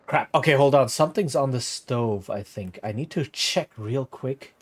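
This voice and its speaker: A man's voice: medium pitch, normal speed. A man streaming live from home, chatting casually with his viewers in a rambling, self-interrupting way and laughing easily.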